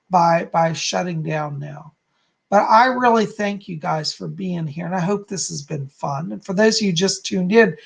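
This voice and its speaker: A man's voice: sits high, vocal fry. A man hosting a live stream as a psychic, relaying spirit messages to viewers by name while losing his voice.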